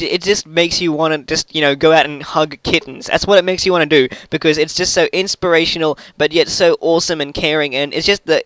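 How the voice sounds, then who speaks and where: A man hosts a casual commentary video, rambling along with jokey, self-mocking asides. His voice is fairly high and smooth. It sits close and dry on the mic. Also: a bit bright, no room sound, poor audio. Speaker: YouTube host.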